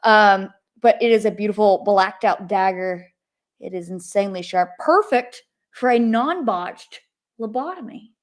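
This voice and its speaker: A woman's voice: medium pitch, unhurried. Woman co-host with dry playful asides. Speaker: co-host of paranormal podcast. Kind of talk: casual livestream chat.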